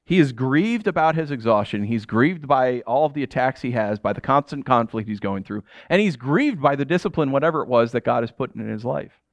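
A middle-aged pastor giving a sermon in a conversational, jokey way, often asking the audience questions. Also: male voice, mid-range voice, lively intonation, a little fast, no echo.

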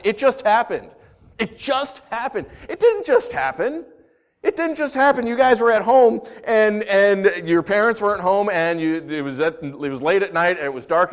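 A male pastor preaching a sermon, telling lively stories with frequent restarts and rising excitement. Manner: animated storytelling, rising pitch and volume in anecdotes, frequent restarts.

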